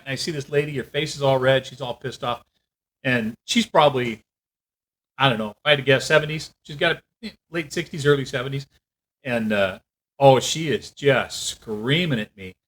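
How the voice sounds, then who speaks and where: A man telling a story in a casual rant, animated and acting out what other people said. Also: mid-range voice, fairly quick, rough recording. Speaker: vlogger.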